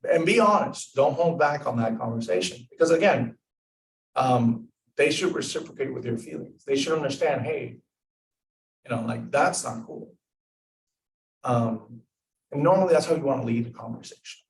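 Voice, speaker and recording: A young man talks loosely with his club, full of fillers and acted-out example lines. His voice has a gravelly edge. He sounds distant in an echoey room with faint background noise. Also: mid-range voice, normal speed. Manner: rambling, filler-heavy, acts out example dialogue. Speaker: club discussion leader. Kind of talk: casual group discussion. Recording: echoey room, mic far off.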